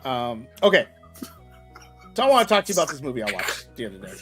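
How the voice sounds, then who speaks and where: A man in his thirties, host of a casual chat show, talking loosely and getting loud and worked up when he rants. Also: medium pitch, fast talker, music in the background. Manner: animated, gets loud and excited when ranting. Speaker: podcast host.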